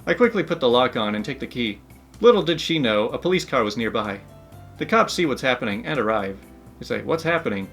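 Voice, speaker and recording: A man's voice: mid-range voice, very animated, a little fast, fairly bright tone, soft background music. A man hosting a story channel, narrating online stories in an upbeat, chatty way. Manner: upbeat, chatty, laughs between asides.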